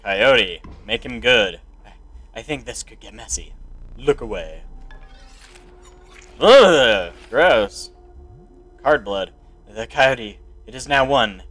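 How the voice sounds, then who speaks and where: A man giving casual, excitable commentary while playing a card game, reading its text aloud and exclaiming at the plays. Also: medium pitch, takes it slowly, long pauses, soft background music. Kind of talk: casual let's-play commentary.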